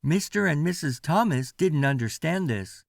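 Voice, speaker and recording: A man reading a children's storybook aloud as a bedtime story, slow and sing-song with lots of expression. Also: on the high side, expressive, vocal fry, dry recording, clean studio sound.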